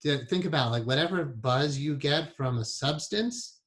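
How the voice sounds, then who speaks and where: A man's voice: fairly high pitch, normal speed, fairly bright tone. A man teaching a hypnotherapy class in a conversational way, with frequent laughs and many asides.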